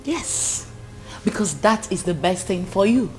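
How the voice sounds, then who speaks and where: An actress playing a domineering young woman who scolds and mocks her pregnant friend in loud outbursts. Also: mid-range voice, expressive, a little slow, music in the background, close to an everyday voice. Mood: scornful scolding. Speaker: actress in a Nigerian film. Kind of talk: film drama acting.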